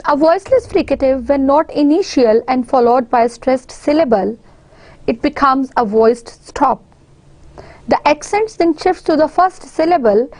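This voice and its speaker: Female lecturer with a Pakistani English accent, high-pitched, careful slow explanations, dry sound. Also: lively intonation, a little mellow, no room sound. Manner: slow and explanatory, repeating example words. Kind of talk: university lecture.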